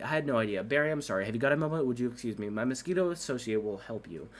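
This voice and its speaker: A man's voice: medium pitch, animated, racing, hardly any pauses. A man reading a whole movie script aloud at breakneck speed for laughs, doing every character in his own voice and tripping over words. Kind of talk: rushed comedic script reading.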